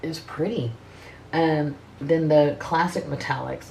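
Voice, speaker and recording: A woman's voice: low-pitched, fairly even intonation, a little slow, creaky, darkish tone, a little hiss or hum. Blunt, foul-mouthed middle-aged woman vlogger. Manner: blunt, profane and frank; chatty, rambling with many restarts. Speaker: beauty vlogger. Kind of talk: casual makeup review chat.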